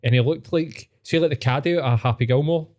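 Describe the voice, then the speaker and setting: A Scottish man hosting a podcast, telling sweary, animated stories in casual chat. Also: on the high side, quick pace. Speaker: podcast host.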